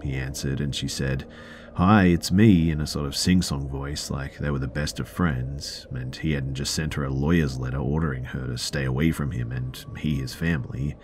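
A man narrating a first-person story in a measured, matter-of-fact way. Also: very deep voice, flat delivery, a little hiss or hum.

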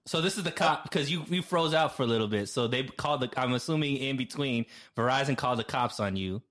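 A man's voice: medium pitch, quick pace, fairly bright tone. A man hosting a podcast in casual chat, joking and breaking in to clarify his guest's story. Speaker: podcast host.

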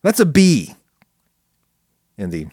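A man hosting a podcast, making his case to listeners in an animated, argumentative monologue. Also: takes it slowly, slightly rough, no echo, studio quality. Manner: animated, argumentative, swings pitch for emphasis. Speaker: podcast host answering listener questions. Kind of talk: casual spoken monologue.

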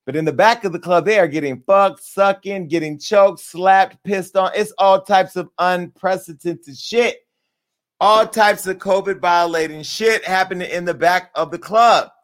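Brash high-voiced man ranting comically. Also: unhurried. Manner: brash, animated, swings between loud outbursts and low mutters. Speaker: comedy commentary host. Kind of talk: crude comedic rant.

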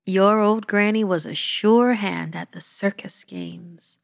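Woman voicing a hushed, solemn old grandmother. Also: medium pitch, steady tone, creaky. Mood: tender. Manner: hushed, half-whispered, slow and solemn. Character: stern, loving old grandmother keeping a dark secret. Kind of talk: horror story reading.

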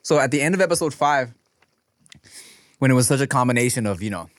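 A man's voice: medium pitch, quick pace, no room sound. A man in his thirties, a new father, chatting casually with restarts and swearing, telling stories. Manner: rambling, profane, animated storytelling with restarts. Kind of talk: casual chat while eating.

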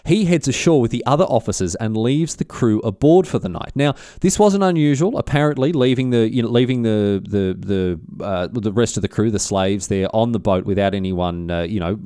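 A man's voice: fairly low pitch, normal speed, hardly any pauses, dark tone, clear, resonant tone, dry recording, clean studio sound. A man casually retelling a history story, rambling with lots of filler words and cheeky slang.

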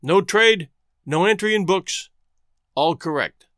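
A man reading aloud who voices a calm, impassive male station clerk with even, unflustered speech. The clerk pleads at first, then speaks with quiet weight. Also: sits high, slow, no room sound, studio quality, heavily acted.

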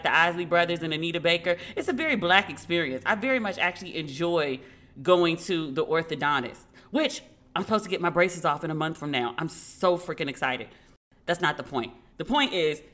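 Bright-voiced woman, animated podcast chat. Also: fairly low pitch. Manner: animated storytelling, acting out quoted dialogue; laughing, candid, swears casually. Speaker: podcast host. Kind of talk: casual commentary chat.

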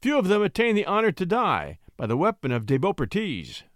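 A man voicing an arrogant, venomous French nobleman who sneers and booms his commands. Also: huge pitch swings, brisk, dry recording, clean studio sound. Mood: sneering, menacing. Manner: sneering, booming, contemptuous.

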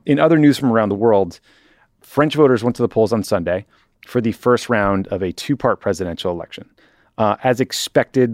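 A man with a very low voice delivers solo news commentary as a podcast host, opinionated and wry, filling pauses with ums and uhs. The recording is close and dry, with almost no room sound. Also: darkish tone, no room sound.

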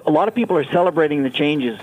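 A man's voice: on the high side, lively intonation, very fast, a little mellow, breathy edge, low-quality recording. A man, a family lawyer, guesting on a talk show, speaking hesitantly with many restarts. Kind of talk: casual interview talk.

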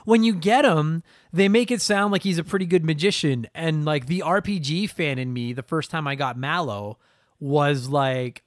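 A young man co-hosting a podcast, ranting in an animated, profane, casual way. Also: on the high side, moderate pace, no echo, studio quality. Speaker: podcast co-host. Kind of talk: casual chat.

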